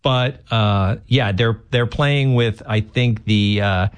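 A man's voice: fairly low pitch, slow, clear, resonant tone. A man filling in as radio host, chatting casually and rambling, often repeating words and laughing as he talks.

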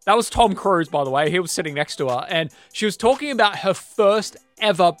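A man's voice: high voice, animated, fairly quick, no room sound, soft background music. A man hosting breakfast radio, giving upbeat, chatty entertainment news.

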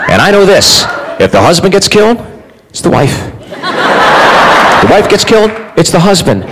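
A man doing a stand-up comedy routine in a brash, profane way, on a comedy club stage with a handheld mic. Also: high-pitched. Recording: live club recording with audience noise.

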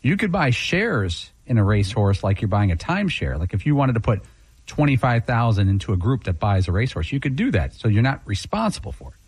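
A man's voice: lowish voice, big pitch swings, fairly quick, breathy edge, no echo. A man on a sports radio crew, explaining facts in a matter-of-fact way. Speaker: radio show crew member. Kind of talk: casual talk radio chat.

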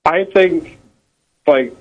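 A man's voice: fairly high pitch, drawn-out words. Hesitant male co-host, dull sound. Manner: hesitant, restarts his thoughts. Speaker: radio co-host. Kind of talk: casual radio talk.

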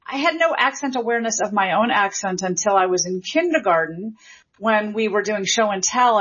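A Gen X woman from Memphis with a light Southern accent, a linguist answering interview questions in a chatty, animated way with many fillers. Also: medium pitch, normal speed, slightly rough, highs cut off. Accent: light Southern American. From Memphis, Tennessee. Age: Generation X. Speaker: linguist guest.

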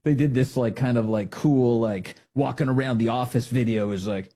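A man hosting a talk radio show, giving opinionated commentary in an animated, emphatic way with sarcastic asides, on a studio microphone. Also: mid-range voice, moderate pace.

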